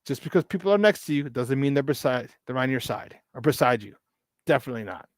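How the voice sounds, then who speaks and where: A man's voice: mid-range voice, lively intonation, quick pace, no room sound, clean studio sound. A man hosting a morning sports talk show, talking casually and emphatically, repeating his points for weight. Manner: repetitive, emphatic, preachy asides.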